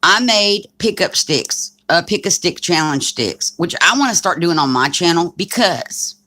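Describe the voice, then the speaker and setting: A woman's voice: lowish voice, animated, measured pace, pushed and bright. A woman hosting a craft livestream, telling joking stories in a chatty way with frequent laughs. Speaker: craft channel host. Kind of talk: casual livestream chat.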